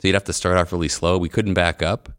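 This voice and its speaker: A Canadian man in middle age with a Canadian accent and a very deep, low voice. He wanders through funny stories on a podcast, trailing off and laughing at his own jokes. The sound is close and dry. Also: little pitch movement, fast talker, a bit bright, no room sound. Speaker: orthodontist guest. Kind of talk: casual storytelling. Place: podcast recording.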